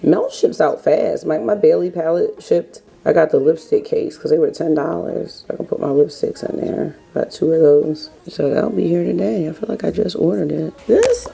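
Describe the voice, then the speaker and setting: A woman's voice: on the low side, lively intonation, moderate pace, gravelly, hardly any pauses, dark tone, husky. A woman in her thirties talking casually and rambling to viewers while doing her makeup at home. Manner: rambling, chatty, talks straight to viewers. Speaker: beauty vlogger. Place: home, getting ready in the morning.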